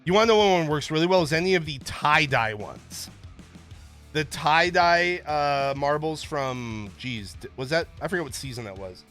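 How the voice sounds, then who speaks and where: Bright-voiced jokey male streamer. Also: a little high, lively intonation, normal speed, faint music behind. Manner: rambling, jokey, chatting with viewers. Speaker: stream host. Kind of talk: casual livestream chat.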